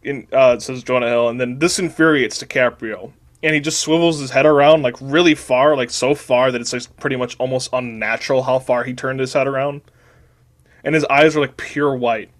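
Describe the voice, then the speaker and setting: A man's voice: medium pitch, steady tone, moderate pace. A man, a podcast host, casually reading out a crude comedic fanfiction, rambling and restarting words.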